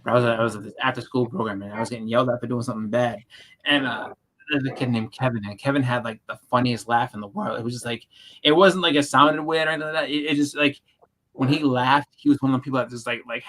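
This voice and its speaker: A man's voice: mid-range voice, quick pace, a bit bright. Guy hosting a chill talk, rambling, lots of restarts, faint noise behind. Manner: rambling, many restarts and fillers; acts out quoted voices when telling stories. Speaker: host. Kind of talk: casual chat.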